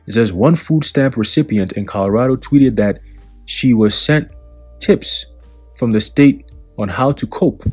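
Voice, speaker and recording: A religious commentator reads news quotes aloud, then responds in a profane, preachy tone, with mocking asides and sardonic laughs. His mid-range voice is darkish and husky, a little slow, with soft background music.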